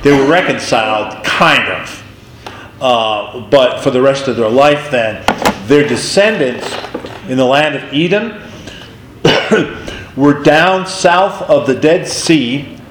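A man's voice: medium pitch, slow pace, fairly bright tone, roomy sound, a little hiss or hum, poor audio. A man teaching a Bible class in a casual way, retelling the story with animation and acting out the figures' lines.

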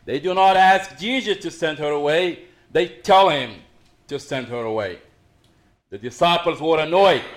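A middle-aged man preaching a sermon as pastor, swinging between raised emphasis and quiet asides. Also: sits high.

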